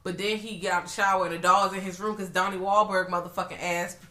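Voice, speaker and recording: A woman co-hosting a casual movie recap chat, animated, swearing freely and jumping high for quoted reactions. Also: quick pace. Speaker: podcast co-host.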